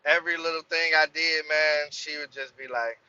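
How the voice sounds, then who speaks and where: Cussing trucker guy ranting about his job, really bright voice, kinda muffled lo-fi sound. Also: on the high side, moderate pace, clear, resonant tone. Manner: profane, animated, heated when quoting himself. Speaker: truck driver vlogger. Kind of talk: casual storytelling rant.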